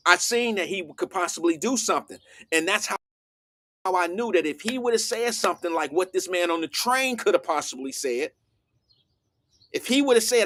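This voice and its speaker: High-voiced man telling a heated story. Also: moderate pace. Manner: animated storytelling, acts out quotes. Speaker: host. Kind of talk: casual talk show discussion.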